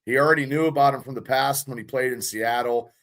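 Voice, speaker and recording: A man's voice: medium pitch, fairly even intonation, fast, a bit bright. A man hosting a podcast in casual chat, blunt and joking as he tells stories. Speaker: podcast host.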